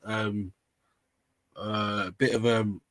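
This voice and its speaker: A man's voice: on the low side, little pitch movement, very slow, a bit bright, no echo. A Jamaican man, chatting on a live panel in a laid-back, slangy way, getting defensive as he jokes. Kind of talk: casual panel chat.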